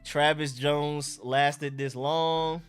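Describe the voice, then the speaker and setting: A man's voice: on the high side, fairly even intonation, very slow, faint music behind. A young man with an Atlanta accent, hosting a casual live stream and reacting to chat and talking to his dog. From Georgia.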